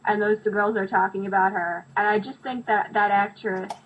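A woman's voice: mid-range voice, fairly even intonation, a little fast, a little hiss or hum. A woman with an ordinary mid-range voice joins a casual podcast chat and states her opinions bluntly. Her audio comes through muffled and lo-fi, as if from a weaker microphone. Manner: blunt, plain-spoken opinions. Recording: dull lo-fi sound.

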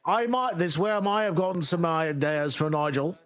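A man's voice: a little high, animated, moderate pace, a bit bright. A man co-hosting a podcast, casually sharing trivia with fillers and restarts. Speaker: podcast co-host. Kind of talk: casual watch-along chat.

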